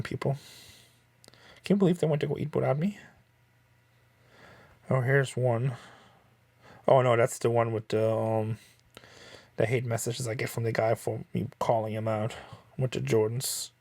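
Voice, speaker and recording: A man's voice: medium pitch, fairly even intonation, unhurried, gravelly, long pauses, darkish tone. A man from Southern California who hosts a reselling channel, talking in a chatty, rambling, wry way. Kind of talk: casual vlog chat.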